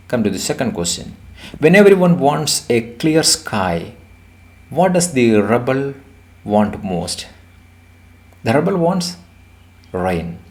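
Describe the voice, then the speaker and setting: A man's voice: mid-range voice, creaky. A man teaching a lesson, explaining a poem and stressing and repeating key words for his students. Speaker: English teacher.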